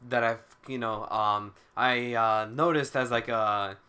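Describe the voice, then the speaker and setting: A man co-hosting a casual fan podcast, speaking haltingly with many fillers and casual swearing. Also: mid-range voice, fairly even intonation, bright, forceful tone, smooth. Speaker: podcast co-host.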